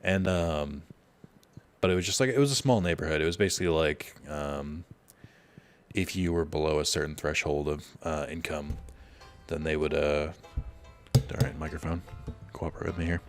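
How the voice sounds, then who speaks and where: A man with a very low, deep voice chatting loosely while he plays a game. He meanders through a personal story, full of ums and likes, with faint music underneath. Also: steady tone, moderate pace, pauses often. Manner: rambling, filler-heavy, storytelling while playing. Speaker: let's play host. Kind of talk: casual gameplay commentary.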